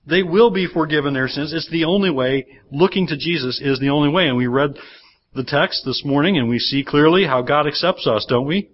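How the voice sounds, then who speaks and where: A man's voice: fairly high pitch, fairly quick. A male pastor preaching a sermon, often putting rhetorical questions to the congregation. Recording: dull lo-fi church sermon recording.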